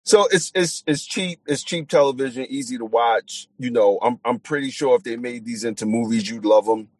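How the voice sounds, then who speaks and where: A man in a casual chat, talking haltingly with many restarts. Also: medium pitch, dry recording.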